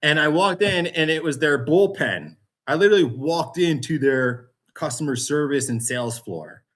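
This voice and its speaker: Male guest; animated storyteller who does voices of people in his story. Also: on the high side, normal speed. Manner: animated storyteller, acts out voices, laughs often. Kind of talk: storytelling interview.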